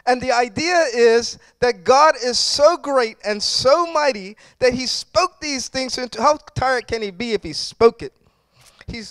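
High-voiced man preaching in a dry room. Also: no echo. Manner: preaching with call-and-response, swings from quiet to loud. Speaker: pastor. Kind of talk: sermon.

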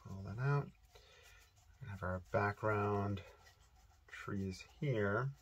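A man's voice: lowish voice, very slow, breathy edge, highs cut off. A man giving a casual, rambling watercolor painting lesson, thinking aloud as he paints. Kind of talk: relaxed painting tutorial.

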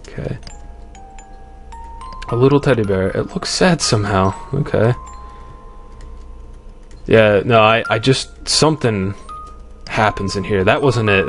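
A man commentating on a horror game, jumpy and swearing often as he reads the game's text aloud. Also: lowish voice. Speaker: let's play commentator. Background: game music.

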